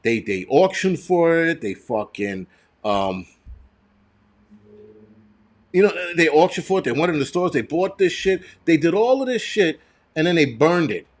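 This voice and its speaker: A man rants on a live stream, blunt and foul-mouthed, his voice sitting a little high. He trips over his own words, restarting and repeating himself as he fumes. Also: big pitch swings, a little slow, long pauses. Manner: angry, profane and blunt. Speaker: livestream host.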